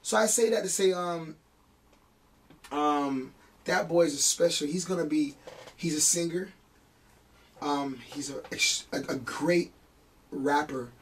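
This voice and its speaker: A man's voice: on the high side, slow pace, pauses often, distant mic. A man, a music producer, chatting in an interview, telling family stories with laughs and some emotion. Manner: emotional, laughing, animated storytelling. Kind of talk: casual interview chat.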